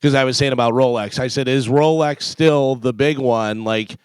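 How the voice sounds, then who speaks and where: A man's voice: medium pitch, steady tone, moderate pace, smooth, no echo. A man co-hosting a radio show, telling stories in casual chat and acting out the people in them. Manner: storytelling, acts out quotes. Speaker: radio co-host. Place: radio studio.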